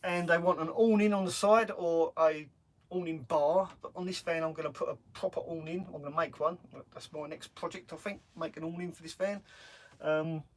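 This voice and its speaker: A man's voice: fairly high pitch, steady tone, normal speed. A middle-aged man chatting casually on a live stream from his camper van, rambling and laughing often. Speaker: van-life vlogger. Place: parked camper van on a driveway.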